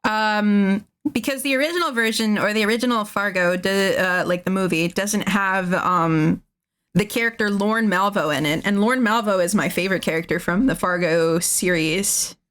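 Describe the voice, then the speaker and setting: A woman's voice: medium pitch, moderate pace, fairly bright tone, clear, resonant tone. A woman streaming casually, rambling and laughing often as she draws and chats. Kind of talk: casual chat while drawing.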